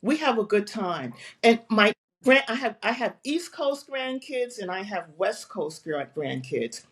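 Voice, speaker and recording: A woman's voice: mid-range voice, sing-song, measured pace, slightly rough. A woman in her seventies, a fitness coach, speaking earnestly and with feeling as an interview guest over a video call. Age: 70s. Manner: earnest, heartfelt, emphatic. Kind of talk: interview conversation.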